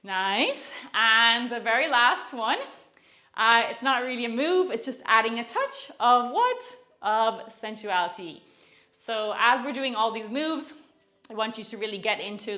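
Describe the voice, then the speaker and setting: A young woman leading a guided movement tutorial, talking breezily and encouragingly while she moves, a little out of breath. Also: fairly high pitch. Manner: encouraging, breezy, with soft laughs. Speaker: movement instructor.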